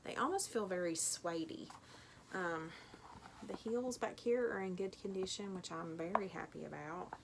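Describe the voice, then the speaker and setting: A woman's voice: lowish voice, normal speed, vocal fry, slight background noise. A middle-aged woman with a Tennessee accent, chatting casually through an unboxing vlog at home, rambling with lots of ums. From Tennessee, USA. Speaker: thrift reseller vlogger.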